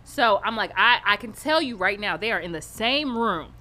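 A woman's voice: medium pitch, expressive, moderate pace, bright, forceful tone. A woman co-hosting a podcast, ranting bluntly in a casual chat with plenty of swearing. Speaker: podcast co-host.

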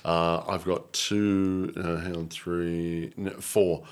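A very deep-voiced man chats as a guest in a casual interview. He rambles loosely, cracks jokes and laughs often, with a relaxed, easygoing delivery. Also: slow, clean tone. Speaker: guest actor.

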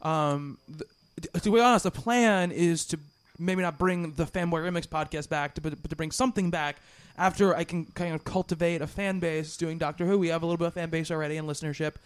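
Man, podcast host, casual chat, fairly high voice, rambling, lots of fillers. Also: fairly quick, clean tone. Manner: rambling, many restarts and fillers.

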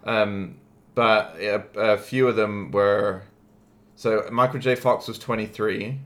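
Low-voiced man chatting casually. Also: slow pace, slight background noise. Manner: relaxed, chatty, drifts and corrects himself. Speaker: podcast co-host. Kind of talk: casual movie podcast chat. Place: home.

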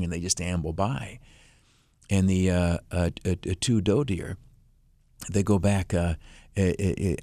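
Brief: fifties male talk-radio host, folksy and rambling, low-ish voice, dry studio sound. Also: darkish tone, dry recording. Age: 50s. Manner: folksy, rambling, many "uh" fillers, chuckles. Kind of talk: casual storytelling on talk radio. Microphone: studio microphone, dry.

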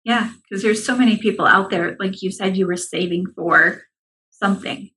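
A woman's voice: medium pitch, normal speed, rough recording. A woman guest on a podcast, a money mindset coach giving advice in an earnest, reassuring way. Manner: earnest and reassuring, speaks in steady explanations.

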